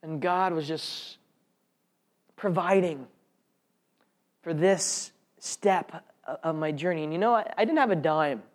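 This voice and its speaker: A man's voice: on the high side, measured pace, long pauses. A man telling an audience his personal faith testimony in an earnest, heartfelt way. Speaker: speaker sharing a testimony.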